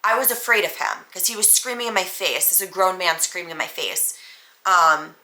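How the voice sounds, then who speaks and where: A woman podcast host telling a personal story in a casual, animated way, full of "like" and "um". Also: lowish voice, brisk. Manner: animated, frequent "like" and "um" fillers. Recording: echoey room.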